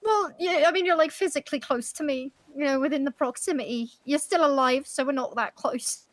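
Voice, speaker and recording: A woman's voice: sits high, brisk, no echo, lightly acted. A woman role-playing a blunt, hot-tempered character who stammers, swears and keeps apologizing. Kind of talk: improvised role-play chat.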